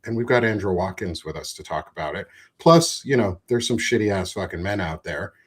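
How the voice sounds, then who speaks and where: A man's voice: deep voice, expressive, a little fast, slightly rough. A man hosting a casual live chat, loose and joking, swearing freely. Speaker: host.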